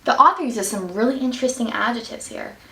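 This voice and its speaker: A woman with a fairly high, bright voice guides children through a story lesson, asking questions and cheering right answers. Her voice reaches the mic from a distance and rings around an echoey room. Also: animated, fast talker. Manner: bright, encouraging teacher voice with a singsong lilt. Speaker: student teacher reading a picture book. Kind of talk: reading aloud and quizzing children on grammar.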